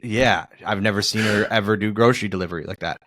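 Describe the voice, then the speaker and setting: A man's voice: fairly low pitch, fast, fairly bright tone, dry recording, clean studio sound. A man hosting a podcast in casual chat, telling self-mocking stories and laughing often. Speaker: podcast host.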